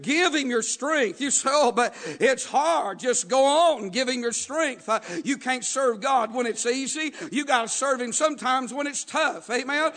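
Male preacher, very high pitch, rhythmic sermon delivery with call-and-response. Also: moderate pace, few pauses. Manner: rhythmic preaching with frequent "uh" and "Amen?" call-outs, rising to shouts.

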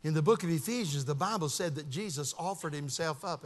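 A man preaching a sermon in a church, swinging from sing-song shouting down to hushed, quiet passages. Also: on the high side, expressive, a little fast. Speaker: pastor. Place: church sanctuary. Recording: long hall reverb.

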